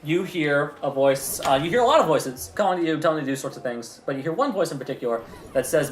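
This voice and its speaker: A man running a tabletop game as game master, narrating with a lively, swooping voice and quick asides. His voice sits a touch high and rings in an echoey room. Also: a little hiss or hum. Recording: roomy echo.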